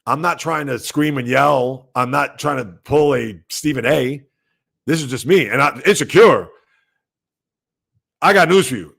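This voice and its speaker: A man hosting a sports talk livestream at home, speaking loudly and emphatically, rambling conversationally and answering viewer comments. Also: medium pitch, unhurried, vocal fry, slightly rough. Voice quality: loud, emphatic delivery. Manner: rambling, conversational, talks back to chat.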